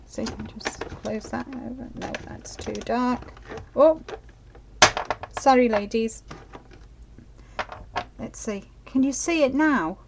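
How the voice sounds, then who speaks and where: This middle-aged woman talks viewers through a live craft project in an unhurried, chatty way. Her voice sits a little high, and she keeps apologising and asking whether everyone can see. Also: gravelly, noisy background. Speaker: craft demonstrator.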